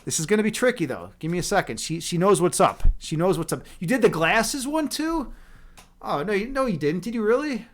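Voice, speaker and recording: Chatty high-voiced man on a livestream. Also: big pitch swings, a little fast. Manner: chatty, rambling with restarts, playful. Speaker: livestream meditation host. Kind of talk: casual live-stream chat. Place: at home. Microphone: webcam.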